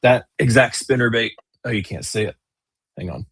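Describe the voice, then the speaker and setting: A man's voice: medium pitch, normal speed, fairly bright tone, slightly rough. A man, a business owner and kayak angler, chatting casually in an interview over a video call, rambling with fillers and restarts.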